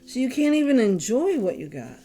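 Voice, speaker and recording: A woman's voice: a little high, sing-song, brisk, dark tone, faint music behind. A woman giving a casual tarot reading, blunt and exasperated, swearing freely as she talks straight to the listener. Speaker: tarot reader. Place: home, candles lit.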